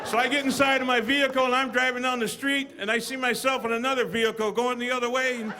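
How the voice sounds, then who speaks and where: A man performing a stand-up comedy routine, telling stories and acting out voices with deadpan punchlines. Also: very high voice, quick pace. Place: comedy stage with live audience. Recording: live audience, noisy room.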